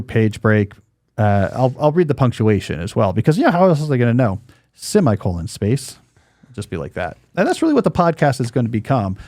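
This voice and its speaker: A man's voice: medium pitch, gravelly, darkish tone, no room sound. Guy in his 40s hosting a podcast, chatty, lots of likes and uhs, dry jokes, close dry studio mic. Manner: chatty, dry joking, many fillers and restarts. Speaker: podcast host. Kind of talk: casual podcast chat and advice.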